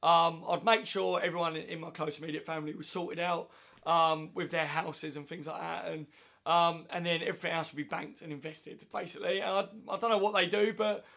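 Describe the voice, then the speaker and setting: Hoarse man chatting on a fan livestream. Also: a little high, steady tone, fairly quick, sharp tone. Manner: chatty, matey, answers comments one by one. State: hoarse with flu. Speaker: livestream host. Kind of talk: casual livestream chat reading viewer comments. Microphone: phone.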